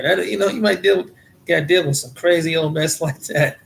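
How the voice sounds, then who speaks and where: Guy ranting casually, lots of restarts and repeats, slightly high pitch, bit of background noise. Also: fairly quick, creaky. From United States. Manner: rambling, repeats words, animated retelling. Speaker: vlogger. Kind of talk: casual personal monologue.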